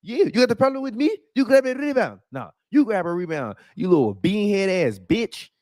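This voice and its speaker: A cocky, trash-talking French basketball star, as a man puts him on for laughs. The voice sits high and swings wildly as he boasts and threatens in a stream of profanity. The sound is close and dry. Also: big pitch swings, brisk, darkish tone, no room sound. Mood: confrontational.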